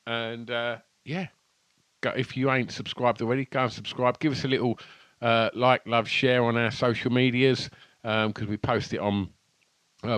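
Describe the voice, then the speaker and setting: Sweary man, bright and dry. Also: medium pitch, clean tone, no room sound. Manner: sweary, laughing, loose. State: tipsy from lager. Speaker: podcast co-host. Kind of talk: casual chat.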